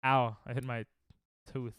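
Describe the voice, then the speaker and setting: A young man streaming a game, chatting casually and reacting excitably to chat on a headset mic. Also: mid-range voice, measured pace, clear, resonant tone, dry recording, clean studio sound. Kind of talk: casual live-stream chatter while gaming.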